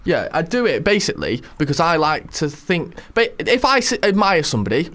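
A man's voice: fairly high pitch, sing-song, a little fast, fairly bright tone. A man in his twenties chatting casually and joking around in self-deprecating banter. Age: 20s. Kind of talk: casual chat.

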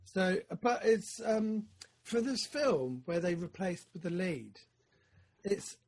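A man co-hosting a podcast, chatting casually about films, excitable and rambling with lots of fillers. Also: high-pitched, takes it slowly, slight background noise. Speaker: podcast co-host. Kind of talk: casual film chat.

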